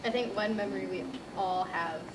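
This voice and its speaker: A woman's voice: medium pitch, moderate pace. Chatty teen girl, distant and roomy. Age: teens. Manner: chatty, filler-heavy recounting. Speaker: senior band student. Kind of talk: casual group interview. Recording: roomy, distant mic with clear background noise.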